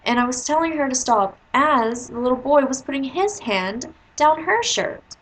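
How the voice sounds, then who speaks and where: A woman who teaches, talking casually to camera as she tells a story and slips into higher voices to quote her pupils. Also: lively intonation, normal speed, fairly bright tone, rough recording. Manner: chatty, jumps into high voices when quoting kids.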